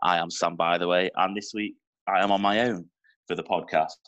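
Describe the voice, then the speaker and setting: A man's voice: deep voice, steady tone, a little fast, fairly bright tone, muffled recording, a little hiss or hum. A young man with a Manchester accent hosting a casual podcast interview, chatty and informal. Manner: chatty, informal, with small slips. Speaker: podcast host.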